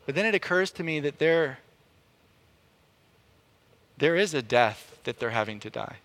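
A man delivers a sermon in a fairly high voice, his delivery animated and conversational. He often repeats a word as he restarts a thought. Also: unhurried. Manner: animated, rises in pitch and volume to act out quotes. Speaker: preacher.

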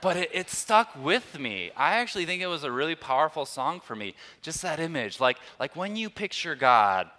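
A married man preaching a conversational sermon, moving between hushed, tender moments and loud, emphatic ones. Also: a little high, sing-song, normal speed, few pauses. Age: adult, old enough to be married. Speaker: pastor.

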